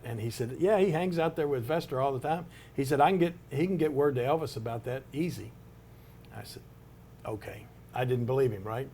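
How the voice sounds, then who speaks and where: A man's voice: medium pitch, a little mellow. An older man, telling a long anecdote in an interview with many restarts and asides. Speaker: interview subject, retired wrestler. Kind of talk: storytelling in an interview.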